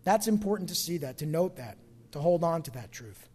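A middle-aged pastor from New Jersey preaching a sermon in a conversational way, dropping to soft asides and rising to loud emphatic bursts. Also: male voice, fairly high pitch, animated, fairly quick, husky.

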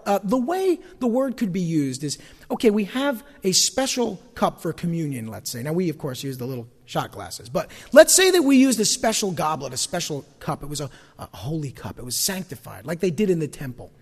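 A man preaching a sermon as pastor, animated, with folksy asides. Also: sits high, long reverb tail.

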